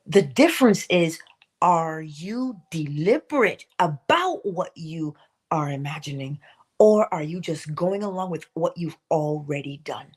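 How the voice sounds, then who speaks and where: A woman's voice: low-pitched, animated, unhurried, slightly rough. A woman hosting a morning motivational talk, asking her listeners rhetorical questions and acting out what people say. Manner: asks rhetorical questions and acts out quoted voices; drops to a whisper at times. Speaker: host of a morning inspiration stream.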